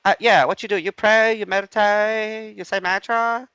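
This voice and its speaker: A man's voice: high voice, fairly even intonation, normal speed, bright, forceful tone, clean tone, dry recording, pitched above the performer's own voice. A man voicing a pushy woman stranger who questions in clipped, broken English. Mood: insistent.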